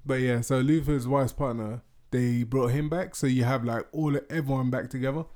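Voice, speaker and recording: Mid-pitched man in easygoing podcast chat. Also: fairly even intonation, moderate pace, darkish tone. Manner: chatty, searching for words, laughs easily. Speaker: podcast co-host. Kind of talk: casual chat.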